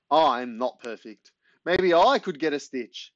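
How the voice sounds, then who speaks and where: A man narrating a first-person children's story in a lively, animated way. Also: on the high side, slow, no echo. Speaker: audiobook narrator. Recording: dry, slightly muffled studio read.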